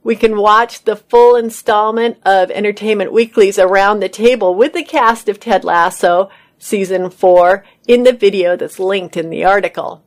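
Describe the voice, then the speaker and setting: A woman's voice: mid-range voice, normal speed. Woman reading entertainment news aloud.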